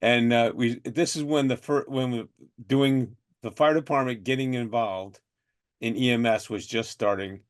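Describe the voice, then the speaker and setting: Animated, laughing firefighter podcast host. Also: male voice, medium pitch, moderate pace. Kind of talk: casual chat.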